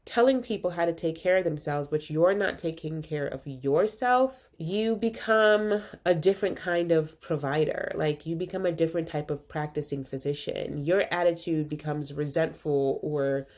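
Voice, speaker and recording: A congested woman with a notably low, husky-from-a-cold sound, talking to her listeners in a casual solo podcast. Her tone is candid and reflective, loose and informal, like she's chatting from home. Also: normal speed, hardly any pauses, darkish tone. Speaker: podcast host and physician coach.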